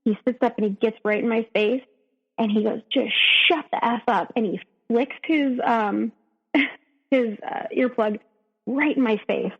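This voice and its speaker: A woman, a podcast guest, retelling a painful personal story with emotion, often halting and restarting. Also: on the high side, steady tone, husky, big-room sound, dull audio.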